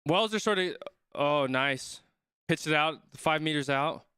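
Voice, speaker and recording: Young man, casual live commentary, bright voice, dry close sound. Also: a little high, a little slow, clear, resonant tone, no echo. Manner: thinks aloud, reads chat, trails off mid-sentence. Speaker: streamer reacting to a rugby match.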